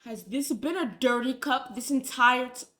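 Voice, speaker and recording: A woman's voice: high-pitched, normal speed, fairly bright tone. A young woman talking casually in a rambling, dramatic, self-mocking vlog. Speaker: vlogger.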